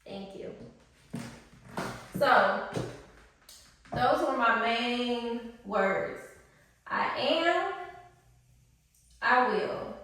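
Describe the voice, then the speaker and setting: A woman life coach chatting in a playful, slangy vlog style with a fairly high voice. The sound rings heavily around the room, and she sits back from the mic. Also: expressive, drawn-out words, long pauses, a bit bright, very echoey, far from the mic. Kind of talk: casual vlog talk.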